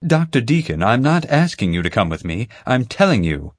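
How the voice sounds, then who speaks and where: A man voicing a stern, commanding woman FBI agent in an audiobook, brisk and insistent. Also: medium pitch, big pitch swings, dry recording, pitched above the performer's own voice. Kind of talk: audiobook character voice.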